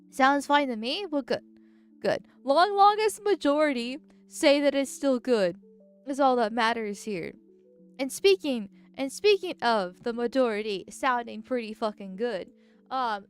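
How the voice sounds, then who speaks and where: A woman chats casually on a live stream, blunt and direct in the way she talks. Her nose is stuffy, but her voice stays smooth and resonant and sits slightly high.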